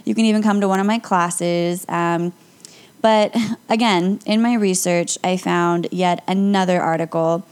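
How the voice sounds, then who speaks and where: A young woman, a yoga instructor and podcast host, talks listeners through calm breathing exercises in a casual, encouraging way. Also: on the low side, measured pace, clear, resonant tone. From Las Vegas area. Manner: calm, upbeat and encouraging, with light laughs.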